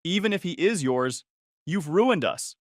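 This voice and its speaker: A man's voice: a little high, animated, unhurried, no echo, clean studio sound, voice pushed up. A man voicing a furious, tearful young mother who screams and sobs her accusations in a raised voice. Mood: choked sobbing.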